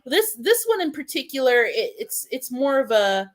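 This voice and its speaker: Middle-aged woman, from the US, casual chat, lively, fairly high voice. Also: normal speed. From United States. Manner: lively, laughs often, exclaims while browsing. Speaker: host.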